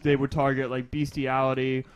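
A man co-hosting a comedy podcast, chatting casually and reading a passage aloud slowly with mock drama, breaking into laughs. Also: mid-range voice, completely flat delivery, smooth. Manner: reads erotic fiction aloud in a slow mock-dramatic voice, laughing. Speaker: podcast co-host.

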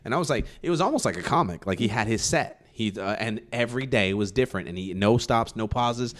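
Fast-talking low-voiced man, rambling. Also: expressive. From California. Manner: rambling, profane, many fillers and restarts. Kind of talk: casual chat.

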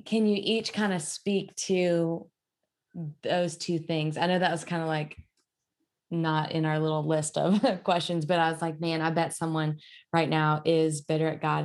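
A podcast host with a low-pitched voice asks her guests questions. She sounds relaxed and chatty and slips in small laughs as she goes. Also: measured pace. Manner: relaxed and chatty, giggly asides. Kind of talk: interview questions.

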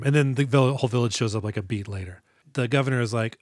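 A man's voice: medium pitch, racing, dry recording, studio quality. A man co-hosting a movie podcast, joking casually, swearing and acting out scenes. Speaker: podcast co-host.

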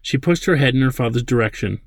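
A man reading his own science-fiction novel aloud in a steady, plain narrating voice. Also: medium pitch, fast, no room sound. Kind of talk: audiobook narration.

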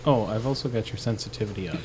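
A man's voice: on the low side, very fast, darkish tone, slight background noise, poor audio. A man co-hosting a casual podcast outdoors, teasing his co-host in a dry way. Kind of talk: casual chat.

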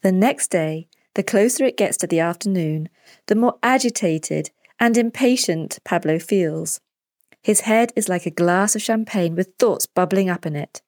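A woman narrating a children's story as the storyteller, in a clear and deliberate way. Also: medium pitch, a little mellow, no echo, studio quality.

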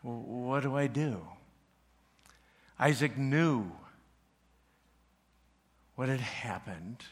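A male pastor preaching a sermon, retelling a story with animated delivery and humorous asides. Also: mid-range voice, drawn-out words. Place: church.

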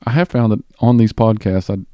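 A man with a Southern US accent hosting a podcast in casual chat, rambling with fillers and restarts and talking a bit fast. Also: fairly low pitch, fairly even intonation, dark tone, no echo. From Southern US (Tennessee). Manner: talks a bit fast on mic. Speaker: podcast host.

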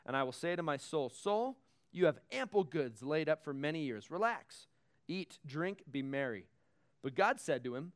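A man's voice: on the high side, expressive, normal speed. A man preaching a conversational sermon, joking and reading scripture aloud. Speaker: pastor.

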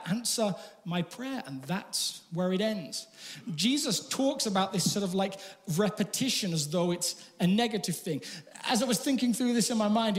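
High-voiced preacher in reverberant hall. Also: male voice. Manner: conversational with rhetorical questions and humorous asides. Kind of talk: sermon. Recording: long reverb of a large hall.

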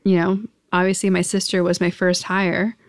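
A young woman hosts a podcast in a loose, chatty way, padding her sentences with fillers. Her voice comes through smooth and clear. The sound is dry and close. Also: lowish voice, completely flat delivery, normal speed, dry recording. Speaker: podcast host and company owner. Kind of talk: casual chat.

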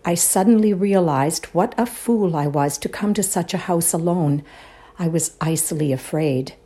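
A woman performing a dramatic reading of a ghost story, hushed and suspenseful, often dropping to a whisper. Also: on the low side, normal speed. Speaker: reader in a readers' theatre show.

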